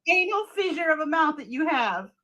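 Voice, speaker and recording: Giggly woman with a lively, bright voice. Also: sits high, moderate pace. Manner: giggly, crude insults. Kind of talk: casual livestream chat.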